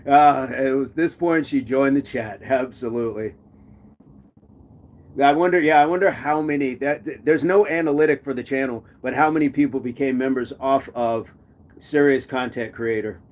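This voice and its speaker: A man's voice: mid-range voice, moderate pace. A man from the United States hosting a live stream chat, playful, laughing often and repeating his phrases as he reads comments.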